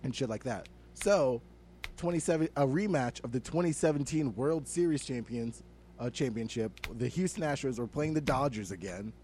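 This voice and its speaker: A man's voice: mid-range voice, normal speed, a little hiss or hum. Young man ranting on a comedy podcast. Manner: animated ranting, swears a lot, many fillers. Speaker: podcast co-host. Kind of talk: casual comedic podcast chat.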